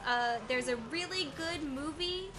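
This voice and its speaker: A woman's voice: high-pitched, measured pace, background noise. A woman co-hosting a casual gameplay chat, blunt and swearing freely, with many filler sounds. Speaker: co-host. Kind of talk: casual chat during a game playthrough.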